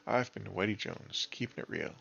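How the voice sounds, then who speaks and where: A man's voice: on the low side, moderate pace, creaky, a bit bright, highs cut off, faint music behind. A man voicing a showy, upbeat male on-the-scene reporter. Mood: breezy. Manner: breezy, showy.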